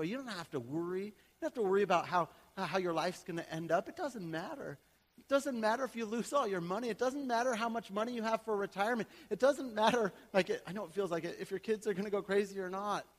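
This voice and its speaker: A man in his thirties or forties, a pastor preaching a sermon to his church in a conversational way that swings between quiet, chatty asides and loud, emphatic passages. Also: high voice. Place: church sanctuary. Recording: long hall reverb.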